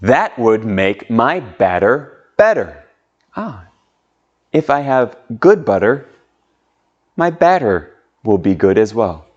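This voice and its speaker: Slow, patient male English teacher. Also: medium pitch, sing-song. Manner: slow, patient, drawing out sounds for repetition. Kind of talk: online pronunciation lesson. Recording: muffled lo-fi audio.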